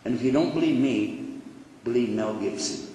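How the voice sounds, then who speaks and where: A man giving a religious lecture, explaining in an animated, conversational way. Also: mid-range voice, normal speed. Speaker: Islamic lecturer. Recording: echoey hall, faint background noise.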